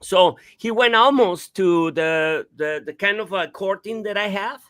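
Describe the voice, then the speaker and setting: A man hosting a radio talk show, telling a story in an animated, casual way, swearing and imitating sounds. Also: high-pitched, measured pace.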